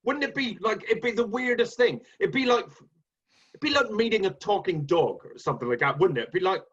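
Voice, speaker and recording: A man's voice: high voice, lively intonation, a little fast, fairly bright tone, breathy edge. A man on a comedy quiz panel, joking in a playful, mock-earnest way, on a dull lo-fi recording. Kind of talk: comedy panel podcast chat. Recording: dull lo-fi sound.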